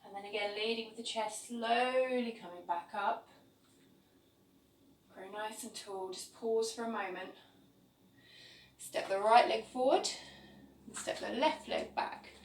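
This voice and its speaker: A woman teaching a yoga class, calmly cueing each pose step by step. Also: on the high side, measured pace, pauses often, slight background noise. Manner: calm step-by-step cueing of poses. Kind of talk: guided yoga class instruction. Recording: echoey room, voice from a distance, faint ambience.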